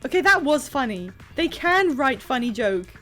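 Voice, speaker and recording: A woman's voice: high voice, big pitch swings, normal speed, fairly bright tone. A woman streaming a game, reading dialogue aloud and giving wry, chatty commentary. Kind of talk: casual live playthrough commentary. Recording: game music playing faintly.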